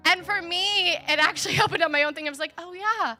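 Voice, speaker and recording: A woman's voice: very high-pitched, fast talker, bright, forceful tone, soft background music. A woman in her thirties preaching a sermon through a personal story, speaking earnestly and candidly, often laughing.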